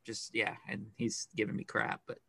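A middle-aged man co-hosting a podcast, chatting casually in a rambling, animated way with lots of fillers. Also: on the low side, moderate pace, creaky, no room sound. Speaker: podcast co-host. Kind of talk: casual chat.

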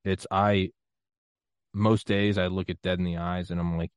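A US podcast host with a deep voice chats through a casual interview at a moderate pace, loose and rambling, self-deprecating and quick to laugh. The audio is clean studio sound with no room reflections.

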